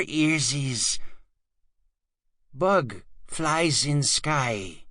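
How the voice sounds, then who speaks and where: A man narrating an audiobook in a halting, sing-song, childlike manner with close studio miking. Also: mid-range voice, animated, a bit bright, no room sound.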